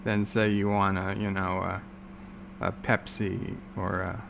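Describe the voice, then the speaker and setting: Slow, gravelly-voiced man rambling sarcastically. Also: low-pitched, little pitch movement, fairly bright tone, slight background noise. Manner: rambling, sarcastic, many filler words. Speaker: livestream host. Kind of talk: casual livestream chat.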